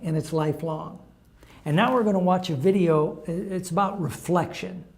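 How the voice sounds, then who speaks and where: A middle-aged man with a fairly high, slightly mellow voice gives an informal talk on recovery steps as a recovery program speaker. He keeps it conversational and anecdotal, sharing stories along the way.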